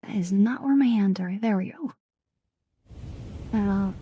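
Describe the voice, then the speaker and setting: A young woman hosting a live stream in whispered role-play, talking softly and affectionately, often dropping into a whisper. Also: mid-range voice, measured pace, long pauses, breathy edge, dry recording. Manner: soft, affectionate, alternating whisper and quiet voice. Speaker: streamer host.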